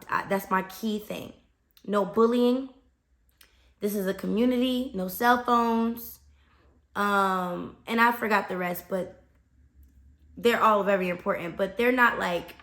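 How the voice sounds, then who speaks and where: A young American woman, a fifth grade teacher, giving casual animated advice on her podcast with frequent "okay?" check-ins. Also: mid-range voice. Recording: echoey room.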